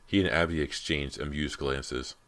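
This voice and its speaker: Very deep-voiced male narrator. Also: steady tone, moderate pace, a bit bright. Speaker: audiobook narrator. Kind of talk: scripted narration.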